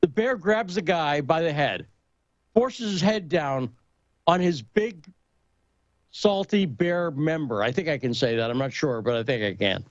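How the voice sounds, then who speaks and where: A man in casual talk-show conversation, telling a story and joke with lively emphasis. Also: fairly high pitch, unhurried, no echo, highs cut off.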